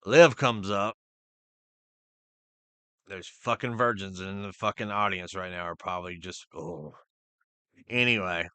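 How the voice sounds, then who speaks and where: A man hosting a podcast, recapping a wrestling show in casual, profane chat and quickly voicing the people he quotes. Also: fairly low pitch, clean tone, dry recording. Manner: profane, excitable, retells scenes in quick voices. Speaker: podcast host.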